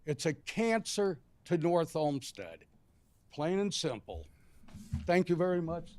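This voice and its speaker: A man's voice: on the high side, very animated, takes it slowly, a little mellow, dry recording. A man resident speaking bluntly and indignantly during public comment at a city commission meeting. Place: city council chamber.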